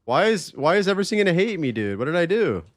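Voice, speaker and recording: A man streaming a game live, chatting casually, reading chat aloud and swearing freely in loose, excitable talk. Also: on the high side, fast, dry recording, clean studio sound.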